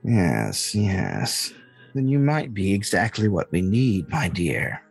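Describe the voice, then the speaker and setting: A man voicing a scheming hag leader whose voice sounds oddly youthful. He speaks for her in a silky, slow, deliberate way in a tabletop game. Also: lowish voice, very animated, vocal fry, husky, soft background music, pitched below the performer's own voice, exaggerated voice. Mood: sly. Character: hag leader in silk and gold, purple-skinned, sly, scheming.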